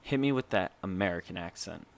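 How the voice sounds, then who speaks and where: Man, podcast host, casual chat, teasing, laughs a lot, lowish creaky voice. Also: expressive, a little fast.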